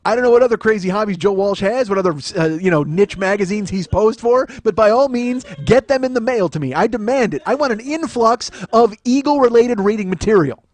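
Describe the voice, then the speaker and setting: A man's voice: high voice, fairly quick, hardly any pauses, darkish tone. A man in his forties hosting a solo comedy podcast, ranting in a profane, self-mocking, mock-indignant way.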